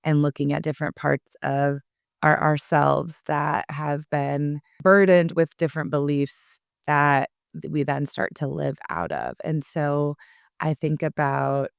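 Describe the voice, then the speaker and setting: A woman therapist, a podcast guest, explaining in a reflective, warm-hearted way in casual conversation. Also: deep voice, unhurried, vocal fry, dry recording, studio quality.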